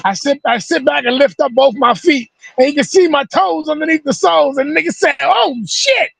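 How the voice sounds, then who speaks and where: A man hosting a casual video call, telling stories in an animated, profane way. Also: very high-pitched, a little fast, vocal fry, dry recording. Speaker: host. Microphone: video call mic.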